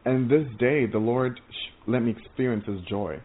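A man giving an informal testimony sermon, earnest and excitable, rambling with many stammered restarts. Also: mid-range voice, moderate pace. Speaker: preacher sharing visions. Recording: tinny phone-like audio.

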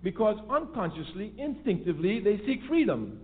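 High-voiced man lecturing over a phone line. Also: lively intonation, normal speed. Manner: emphatic, repeats key phrases for stress. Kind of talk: political lecture. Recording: tinny phone-line audio with faint noise.

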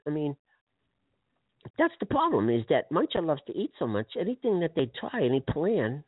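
A man's voice: fairly high pitch, wildly swooping pitch, normal speed, slightly rough, no room sound. Rambling, eager male radio host. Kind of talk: chatty kids' radio introduction. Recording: tinny lo-fi radio with hiss.

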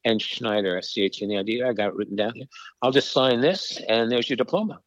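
An older man voicing a kindly but firm older Jesuit priest, gentle and persuasive. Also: mid-range voice, fast, dry recording, dull audio, natural voice. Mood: earnest.

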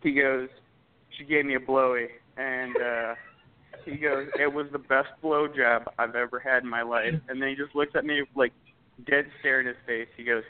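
A man's voice: mid-range voice, steady tone, moderate pace, smooth. Tinny-sounding young man telling a story. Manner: rambling, lots of "like" and swearing. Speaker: podcast co-host. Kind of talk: casual storytelling chat.

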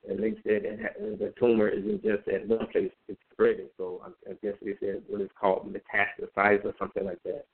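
A man telling his personal story in a halting, conversational way, with many fillers and repeated words. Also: lowish voice, breathy edge. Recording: phone-like narrow band.

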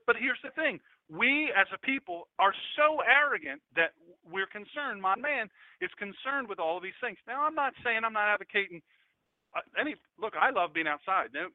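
American preacher guy, kinda high voice, gets loud and animated telling stories, sounds like a phone line. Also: no echo. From United States. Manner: animated, storytelling, emphatic swings in pitch. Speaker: pastor. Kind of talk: radio sermon. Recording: dry tinny phone-like audio.

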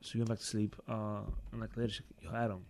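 A man's voice: on the low side, completely flat delivery, very fast, a little mellow, a little hiss or hum. A man, a podcast guest chatting casually, swearing a lot and laughing through his stories. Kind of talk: casual chat.

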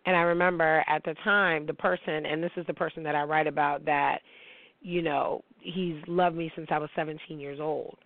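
A woman in her forties hosts a talk show, launching into a brash, profane, heated rant about celebrity gossip. Her low voice stays steady at a normal speed, heard over a tinny, dry phone-like line with no echo.

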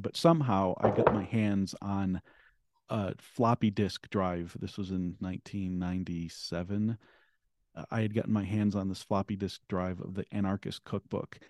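A man's voice: fairly low pitch, dark tone, no room sound. Earnest man in his forties, dry close sound. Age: 40s. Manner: earnest, halting, with frequent restarts. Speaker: guest. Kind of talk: personal storytelling in a conversation.

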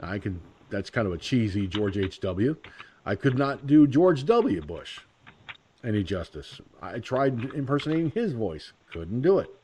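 A man hosting an online talk radio show, his pitch swooping up and down as he rants. He talks bluntly and swears freely, rambling from one thought to the next, with keyboard typing now and then behind him. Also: sing-song, measured pace, dark tone, a little hiss or hum. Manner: blunt, profane, rambling with impressions. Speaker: host.

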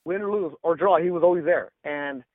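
A male sports reporter telling stories in a casual interview, animated and full of "like" and "bro", acting out quotes. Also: on the high side, brisk, no echo, phone-quality sound. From Los Angeles. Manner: animated, acts out quotes, says "like" and "bro" often.

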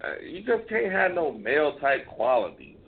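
A man co-hosts a comedy radio show. He talks in excited, stammering bursts with lots of restarts and a fairly high, swooping voice. The sound is thin and phone-like, with a faint hiss under it. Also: moderate pace, slightly rough. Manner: animated, stammering restarts, profane. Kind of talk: casual comedic banter.

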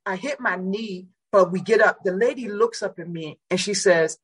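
A woman pastor, a guest on the show, telling a testimony story in an animated way and acting out the voices in it. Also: moderate pace, low-quality recording. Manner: dramatic, acts out the voices in her stories with big pitch leaps.

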